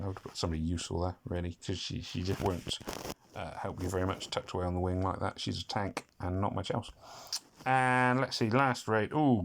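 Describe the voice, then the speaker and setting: A man's voice: sits low, background noise. A man from Britain giving casual, rambling commentary on a mobile game, humming and making little sound effects, self-deprecating about his mistakes. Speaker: gaming commentator.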